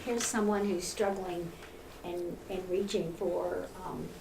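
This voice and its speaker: A woman speaks on a panel in a thoughtful, halting way, restarting her phrases. Her voice carries from a distance through an echoey room. A clear hiss sits behind her. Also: on the low side, fairly even intonation. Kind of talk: casual panel discussion. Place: lecture room at a library event.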